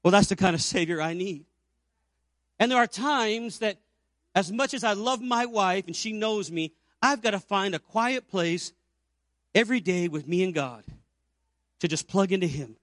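A man in his fifties preaching an Easter sermon as pastor, building to emphatic peaks and dropping to quiet low stretches. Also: moderate pace, pauses often, dry recording, studio quality.

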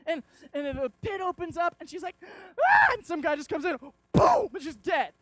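A young man preaching a sermon, telling stories with lively acted-out moments. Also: very high voice, brisk, no echo. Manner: animated storytelling, acts out shouts and quotes.

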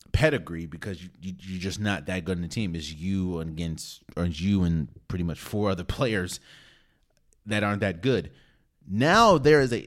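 A man hosting a podcast, talking through his sports opinions casually and emphatically, with frequent restarts. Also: low-pitched. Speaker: podcast host.

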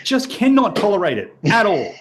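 An Australian man hosting a podcast, chatting casually and joking in loose, animated rants. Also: high-pitched, normal speed, a little hiss or hum. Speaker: podcast host. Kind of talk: casual chat.

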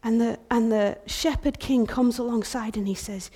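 A woman in her thirties preaching a sermon in a church, impassioned, swinging from loud outbursts to hushed whispers. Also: on the high side, steady tone, moderate pace.

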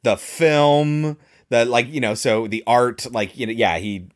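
A man's voice: medium pitch, steady tone, unhurried. Wry man explaining a bad movie. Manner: wry, explanatory, laughs often. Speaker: podcast co-host. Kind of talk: casual chat reviewing a film.

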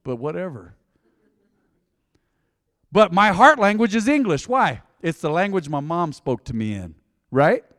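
Animated male preacher in a big hall. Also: a little slow, long pauses, studio quality. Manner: conversational, joking, dynamic swings in pitch and loudness. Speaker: pastor. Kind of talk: sermon.

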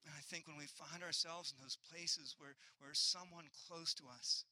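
A man's voice: on the high side, fairly even intonation, normal speed, bright, forceful tone, no echo, low-quality recording. A man in his thirties preaching a sermon, earnest and building with repetition, sometimes acting out other voices. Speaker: pastor.

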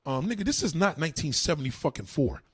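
Husky-voiced New man ranting. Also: on the high side, big pitch swings, fast talker, dry recording. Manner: combative, repetitive, heavy cursing and slang. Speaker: livestream host answering comments. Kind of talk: profane ranting commentary.

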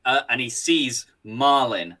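A man co-hosting a comedy podcast, spinning a silly story with frequent laughs and quick bursts of character voices. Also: medium pitch, animated, bright, forceful tone. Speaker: podcast co-host.

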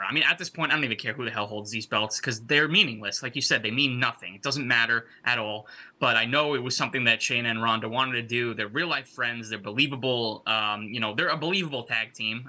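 Very bright-toned male co-host. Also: medium pitch. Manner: rambling, frequent fillers, swears. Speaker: podcast co-host. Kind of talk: casual wrestling talk.

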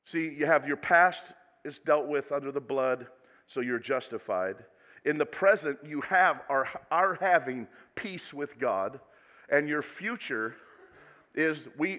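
Male preacher, bright and slightly high, with dramatic swings in volume, recorded in a reverberant hall. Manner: dramatic swings from soft asides to loud exclamations. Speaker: pastor. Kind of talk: sermon. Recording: echoey hall with long reverb.

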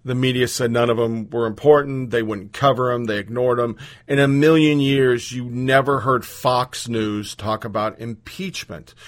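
A man's voice: medium pitch, a bit bright. A man hosting a podcast, giving heated, profane political commentary. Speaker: podcast host.

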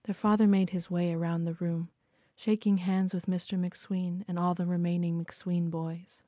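Hushed, low-voiced woman reading a story. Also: level tone, moderate pace, dry recording, clean studio sound. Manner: hushed, frequently dropping to a whisper. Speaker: narrator. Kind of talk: audiobook reading.

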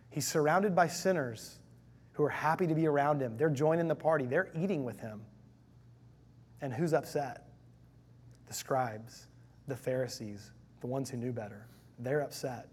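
A pastor preaching a sermon in an emphatic, conversational way, with a husky voice and phrases stacked in threes. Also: male voice, on the high side, darkish tone.

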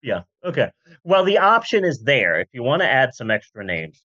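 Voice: medium pitch, very animated, normal speed, pushed and bright, muffled recording. A podcast host telling history in a rambling, jokey way, full of asides and silly voice bits. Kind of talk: comedic history podcast chat.

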